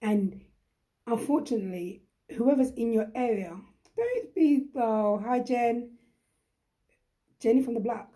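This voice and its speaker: A young woman talks straight to her viewers in a live chat, warm and mellow in tone. She is chatty and emphatic, often repeating a point to press it home. Her manner stays encouraging throughout. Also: a little high, slow pace, pauses often. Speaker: host.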